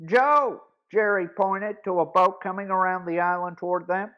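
A man narrating a boys' mystery audiobook in a measured, deliberate reading. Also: high voice, level tone, clear, resonant tone. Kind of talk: scripted story narration. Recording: dull lo-fi recording.

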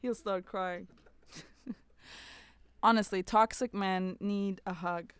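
Woman, podcast host, casual chat, playful, laughs a lot, smooth clear voice. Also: medium pitch, fairly even intonation, takes it slowly, no room sound. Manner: chatty, laughs often, frank and playful.

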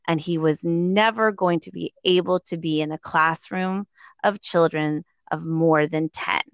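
A middle-aged woman, a guest telling a personal story in an animated, conversational way, often acting out the voices of others and laughing. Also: fairly low pitch, a little slow, no echo. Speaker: guest, parent.

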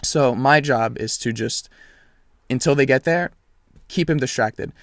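A young man tells a gripping story in loose, conversational chat. He swears a lot and jumps into quoting the people involved. His voice sits at an ordinary pitch for a man, recorded close and dry with no room sound. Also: unhurried, no echo. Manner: animated, profane, reenacts dialogue.

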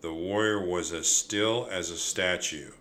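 A man narrating a children's chapter book in a clear, steady storytelling manner. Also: low-pitched, measured pace, a little hiss or hum.

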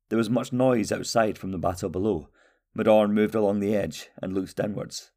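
Male audiobook narrator, low-pitched, measured fantasy reading. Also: darkish tone.

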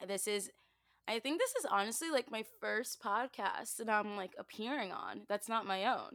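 A woman's voice: medium pitch, animated, moderate pace, fairly bright tone, dry recording, clean studio sound. A young woman, a guest on a podcast, talking in a chatty, upbeat way with lots of "like". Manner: chatty, upbeat, says "like" often. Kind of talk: casual podcast chat.

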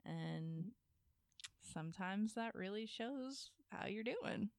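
A woman's voice: medium pitch, expressive, slow, clear, resonant tone, no echo, clean studio sound. A young woman hosting a casual podcast chat, giggly and rambling with many fillers. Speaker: podcast host.

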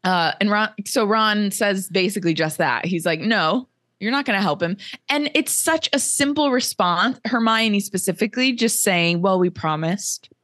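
A woman's voice: mid-range voice, lively intonation, normal speed, a bit bright, no echo. A woman co-hosting a podcast, chatting casually and laughing often as she retells a book chapter, acting out the characters' lines. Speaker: podcast co-host.

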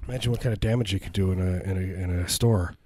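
A man's voice: sits low, fast, warm tone. A man in his thirties casually chatting and telling funny stories about his son, acting out quoted lines in a raised voice. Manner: jokey storyteller, acts out quotes in a raised voice. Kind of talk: casual comedic chat.

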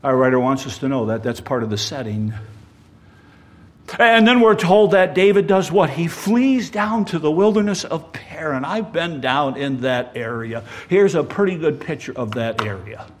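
A male preacher delivers a sermon straight to his congregation, moving between loud emphasis and quiet asides. His voice sits fairly high, and he's animated at a normal speed.

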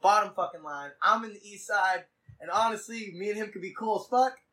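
Bright-voiced man telling a profane story. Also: high voice, distant mic, low-quality recording. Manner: profane, rambling storytelling, quick bursts. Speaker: podcast host. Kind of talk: casual podcast chat.

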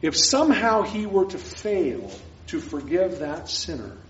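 A man preaching a sermon as pastor, earnest, moving between hushed and emphatic lines. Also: high voice, sing-song, unhurried, slight background noise. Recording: dull lo-fi sermon recording.

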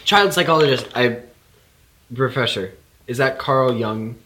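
A man's voice: mid-range voice, measured pace, sharp tone. A young man in casual chat, joking and playful. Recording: echoey room with faint noise.

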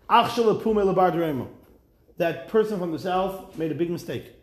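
Rabbi guy giving a talmud class, kinda high voice, tells it like a story, jokey asides, roomy echo. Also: moderate pace, a little hiss or hum. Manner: lively storytelling, translating line by line with asides.

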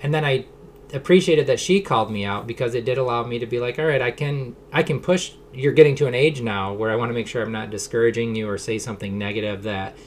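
A man's voice: on the low side, slight background noise. A middle-aged man hosting a solo podcast, talking in an earnest, rambling way with the odd sarcastic aside. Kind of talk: reflective solo monologue.

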